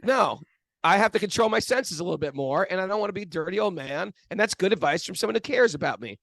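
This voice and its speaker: A man's voice: high voice, animated, fast talker, gravelly, fairly bright tone, dry recording. A man co-hosting a spiritual podcast, telling a self-mocking story in a rambling, chatty way. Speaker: podcast co-host. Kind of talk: casual spiritual chat.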